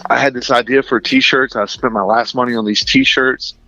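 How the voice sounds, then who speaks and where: A man's voice: mid-range voice, fairly even intonation, normal speed, sharp tone, lo-fi sound. A man telling stories as a radio interview guest, in a chatty, casual way, often saying "dude" and "like" and laughing between lines. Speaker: interview guest, Christian musician. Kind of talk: casual storytelling.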